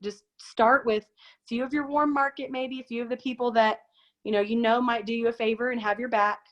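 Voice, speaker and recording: A woman hosting a casual chat, talking fast and acting out quoted lines in big, high voices. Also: steady tone, muffled recording. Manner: chatty, acts out quoted lines with big pitch jumps. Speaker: host. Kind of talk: casual chat on a video call.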